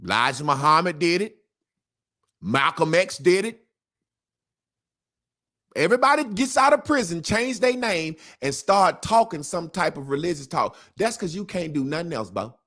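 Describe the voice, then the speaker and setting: Male guest, casual and emphatic, a somewhat high voice that swings widely. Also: moderate pace. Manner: animated and emphatic, with slang and repetition. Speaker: interview guest. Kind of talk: casual conversational interview.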